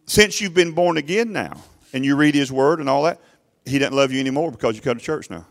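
A male pastor preaching a sermon emphatically to his congregation, often urging them to listen, his voice swelling loud and falling low. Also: a little fast. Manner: emphatic preaching, rising and dropping sharply in loudness; addresses congregation directly with repeated "listen".

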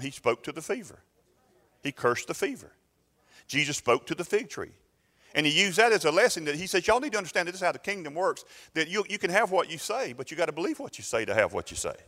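A man's voice: medium pitch, fairly bright tone. A man preaching a sermon as pastor, retelling a story and acting out its voices. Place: church sanctuary. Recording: long reverb in a church hall.

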